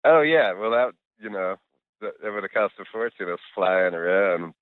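A man's voice: fairly low pitch, expressive, moderate pace, clear, resonant tone. A middle-aged man, a musician guest, talking loosely in a casual interview, rambling with lots of fillers and the odd swear word. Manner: laid-back, rambling, heavy on fillers and swearing. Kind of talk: casual interview chat over a call. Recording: tinny phone-like remote line, dry.

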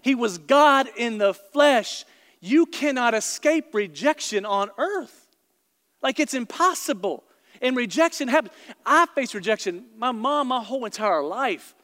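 A man preaching a sermon to a congregation in a large church auditorium. He tells stories in an animated way and turns to the congregation with quick asides. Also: very high-pitched. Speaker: pastor. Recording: long hall reverb in a large room.

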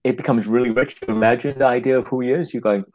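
A man who writes plays, talking casually in an interview, halting and restarting his words and acting out little quotes. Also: mid-range voice, steady tone, darkish tone, rough recording. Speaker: playwright.

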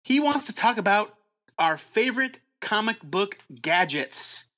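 Co-host guy w/ a high bright voice reading the week's question. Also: lively intonation, a little slow. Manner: reads the question aloud, upbeat. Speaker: podcast co-host. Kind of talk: casual chat.

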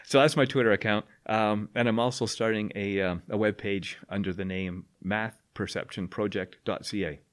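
A man's voice: fairly low pitch, fairly even intonation, moderate pace, hardly any pauses. A man telling a classroom story in a podcast interview, laughing often as he talks. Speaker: guest, math education professor. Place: radio studio.

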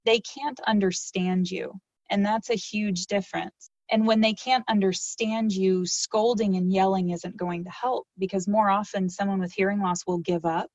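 A woman audiologist answering interview questions, explaining hearing care in a calm, informative way. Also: mid-range voice, normal speed, few pauses, no echo, highs cut off.

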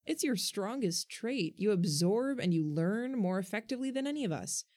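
A woman voicing a gentle, earnest boy who speaks firmly and thoughtfully in a storybook reading. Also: mid-range voice, expressive, moderate pace, pitched above the performer's own voice, natural voice. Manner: gentle but firm, earnest.

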